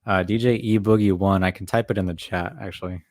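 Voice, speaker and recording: A man, a guest DJ, talking casually and sincerely in a stream interview, with halting fillers. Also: deep voice, steady tone, dry recording, clean studio sound. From California.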